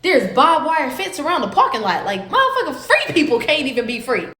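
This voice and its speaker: A woman, telling a story in a dramatic, profane, animated way. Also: high voice, brisk, echoey room. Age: 20s. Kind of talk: casual storytime.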